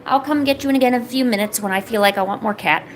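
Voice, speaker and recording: A woman with a slightly high voice, talking casually and playfully to her cats as she draws. Her chat is loose and teasing. A faint room noise hums behind her. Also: very fast, rough recording. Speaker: streamer. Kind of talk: casual chat while drawing.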